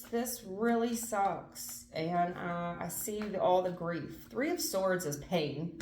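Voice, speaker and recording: A woman's voice: on the low side, takes it slowly, few pauses, a little mellow, roomy sound, slight background noise. A woman doing a casual tarot reading, earnest and emphatic, repeating phrases and swearing now and then. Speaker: tarot reader.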